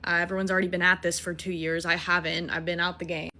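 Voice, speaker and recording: A young adult woman telling a casual, animated and profane personal story, mocking herself as she goes. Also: on the low side, fast talker. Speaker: storytime TikToker.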